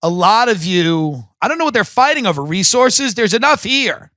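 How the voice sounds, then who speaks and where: A man's voice: high-pitched, big pitch swings, normal speed, sharp tone, no echo. A man hosting a podcast, delivering a comedic, profane and emphatic rant. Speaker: podcast host.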